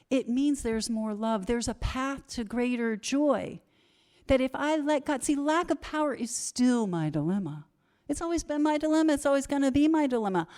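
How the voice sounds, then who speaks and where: A woman's voice: sits high, darkish tone. A middle-aged woman speaking candidly to an audience at a recovery conference, self-deprecating and building to emphatic repetition.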